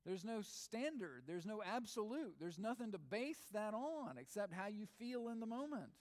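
A man with a high, raised voice preaching to his congregation. He fires off questions and drives each point home with emphasis. His voice rings with a long hall reverb. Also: very animated, moderate pace, darkish tone. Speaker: pastor. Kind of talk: sermon.

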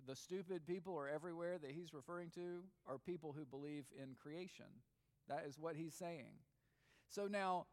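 A man preaching a sermon as pastor, pressing his listeners with repeated questions and emphatic points. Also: high voice. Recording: long hall reverb.

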